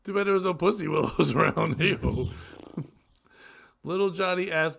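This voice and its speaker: A man co-hosting a comedy podcast, reading crude jokes aloud and breaking into loud laughter. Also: fairly high pitch, normal speed, vocal fry. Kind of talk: casual comedy podcast chat.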